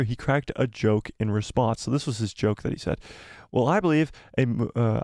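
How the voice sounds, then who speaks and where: A man's voice: medium pitch, a little mellow, dry recording, clean studio sound. A man hosting a live fan stream, rambling and enthusiastic as he reads chat comments aloud, and his voice is wearing out. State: losing his voice.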